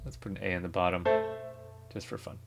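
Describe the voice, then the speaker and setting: A man's voice: low voice, quick pace. A man teaching music theory in a casual lecture, thinking aloud and correcting himself as he goes. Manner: relaxed, thinking aloud with fillers and self-corrections.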